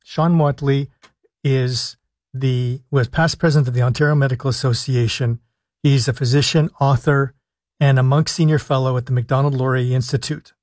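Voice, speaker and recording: A man hosting a live call-in radio show as a physician, explaining health policy in a measured way and stressing key words with deliberate pauses. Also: mid-range voice, fairly even intonation, a little mellow, no echo. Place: radio studio. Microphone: studio microphone.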